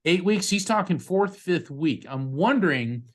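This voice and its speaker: A man working as a psychic medium, giving a live reading to a participant over a video call in a quick, conversational way, often restarting his sentences. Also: high voice, animated. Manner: fast, restarting, conversational delivery.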